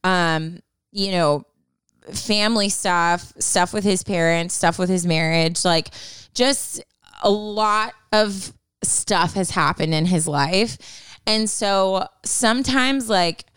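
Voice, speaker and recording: A woman's voice: fairly low pitch, slow pace, fairly bright tone, clear, resonant tone, dry recording. Chatty young woman giving candid advice. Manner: candid, chatty, many fillers. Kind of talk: casual advice chat.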